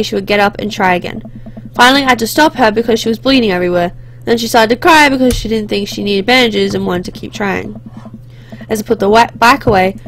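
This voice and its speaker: A woman's voice: fairly high pitch, a little hiss or hum. A young woman hosting a let's play, reading a visual novel aloud with chatty, reflective asides.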